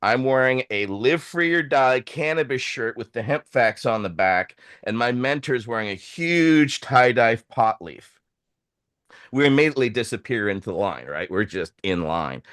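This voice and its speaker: A man's voice: mid-range voice, fairly bright tone, dry recording, studio quality. A middle-aged man on a podcast, telling a story in casual talk, swearing freely and acting out what others said. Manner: swearing, acts out quoted voices. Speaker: podcast host.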